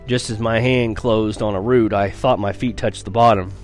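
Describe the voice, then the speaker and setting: A man with a slightly low voice reads a first-person story aloud, earnest and unpolished, now and then tripping over a word and starting it again. Soft music plays faintly behind his reading. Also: steady tone, normal speed. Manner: earnest storytelling with small restarts and stumbles. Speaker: reader of a novel.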